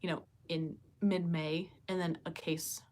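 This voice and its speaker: A woman's voice: on the low side, flat delivery, measured pace, a little mellow. A woman hosting a casual live chat from home, thinking aloud and reading out viewers' comments, with many fillers and questions to her viewers. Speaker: livestream host chatting with viewers. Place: home with pets nearby.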